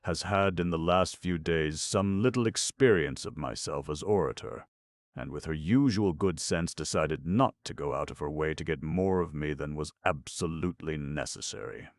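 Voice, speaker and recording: A man doing a debonair, long-winded gentleman. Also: extremely low pitch, moderate pace, dry recording, studio quality. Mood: genial. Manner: florid, long-winded, genial. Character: debonair, verbose young English gentleman.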